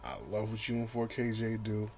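A man co-hosting a podcast, talking in casual chat that breaks into loud, profane rants with laughter. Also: fairly low pitch, normal speed, a little hiss or hum. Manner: animated, profane ranting with laughs. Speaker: podcast co-host. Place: small home studio.

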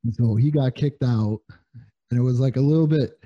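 A man's voice: mid-range voice, normal speed, mellow, dry recording, highs cut off. A man in a casual chat who recalls old stories, often stammering and repeating words.

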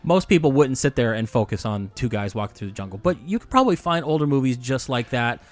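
A man co-hosting a casual movie discussion, animated and swearing freely as he acts out scenes. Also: medium pitch, fast talker. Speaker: podcast co-host.

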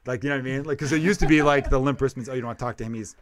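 A man's voice: medium pitch, very fast, crowd noise. A man who is a comedian, hosting a casual podcast chat, rambling and swearing as he trips over his own sentences. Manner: rambling, profane, self-interrupting.

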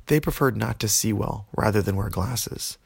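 A man narrates a children's fantasy tale in a gentle, easygoing manner. His voice is gravelly and a bit husky at a middle pitch. The recording is dry and close. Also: moderate pace, no room sound. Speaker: storyteller. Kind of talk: children's bedtime story narration.

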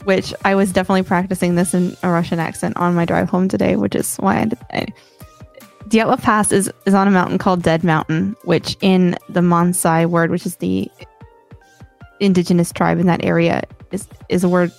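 A woman's voice: fairly low pitch, little pitch movement, fairly quick, gravelly, darkish tone, faint music behind. A woman co-hosting a podcast who tells a story from her notes in a loose, giggly way, often stumbling over her words. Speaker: podcast co-host. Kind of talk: casual podcast chat, telling a story from notes.

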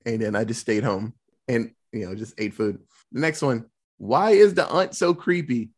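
A podcast host giving a casual, profane movie review, telling scenes in an animated way. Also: medium pitch, moderate pace, husky.

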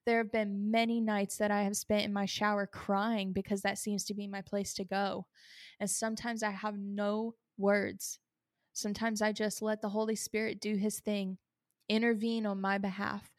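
A woman's voice: medium pitch, no room sound, clean studio sound. A woman hosting a faith podcast, speaking earnestly and confessionally about sorrow, holding back tears. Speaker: podcast host. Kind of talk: personal faith podcast talk.

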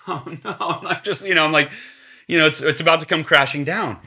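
A man's voice: a little high, normal speed, pauses often. A man telling a motivational sales story as a podcast guest, acting out the quoted lines. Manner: animated, acts out quotes, motivational.

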